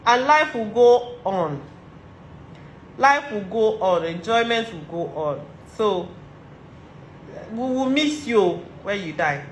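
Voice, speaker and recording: A woman's voice: mid-range voice, expressive, slow, pauses often, echoey room, a little hiss or hum, poor audio. A woman with a Nigerian accent giving a motivational talk to other women, earnest and repeating her urgings for emphasis. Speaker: vlogger giving advice to women. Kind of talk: motivational monologue.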